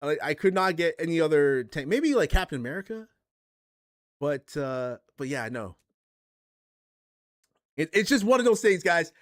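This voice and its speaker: A man's voice: on the high side, very animated, moderate pace, long pauses. A man hosting a livestream, ranting casually and profanely, with rambling restarts. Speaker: streamer and podcast host.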